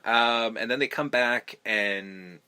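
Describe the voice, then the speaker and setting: A man's voice: medium pitch, slow pace, sharp tone, clean tone. A man hosting a podcast, recapping a film in casual, rambling chat full of ums, restarts and swearing. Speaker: podcast host.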